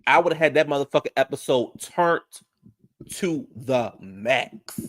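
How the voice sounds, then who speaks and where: A man, casually reviewing a reality show, loud and animated, with profane storytelling and sudden falsetto outbursts. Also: a little slow, no room sound, studio quality. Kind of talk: casual reaction commentary.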